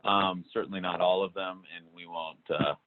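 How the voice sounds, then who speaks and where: A man walking through a software demo in a webinar, talking with many fillers and restarts. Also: low-pitched, steady tone, moderate pace. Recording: tinny phone-like call audio.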